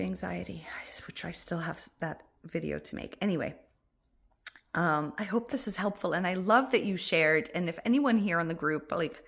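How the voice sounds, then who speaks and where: A woman with a lowish voice, working as a spiritual coach, offers gentle, reassuring advice to an online group. She addresses her listeners with endearments.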